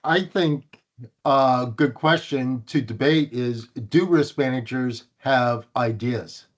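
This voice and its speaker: A man's voice: medium pitch, takes it slowly. A man co-hosting a podcast in casual chat, wry and bantering, stressing points with repeated starts. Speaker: podcast co-host. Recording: muffled lo-fi audio.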